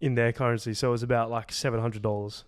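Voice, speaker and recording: A man's voice: medium pitch, level tone, quick pace, dry recording, studio quality. A young man, telling a travel story in a loose, rambling way, full of "like" and casual swearing, on a podcast. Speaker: podcast co-host. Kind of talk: casual chat.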